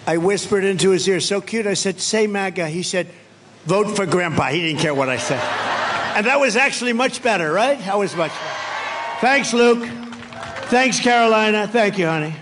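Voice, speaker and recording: A man's voice: high voice, lively intonation, moderate pace, a bit bright, a little hiss or hum. An older man giving an off-the-cuff campaign rally speech, rambling and repetitive, with punchy phrases. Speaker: political speaker at a rally.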